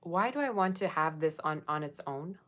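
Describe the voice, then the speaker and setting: Low-voiced woman chatting on a livestream. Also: lively intonation, normal speed, fairly bright tone. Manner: chatty, reads viewer comments aloud. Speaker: tarot reader. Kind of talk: casual livestream chat. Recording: faint background noise.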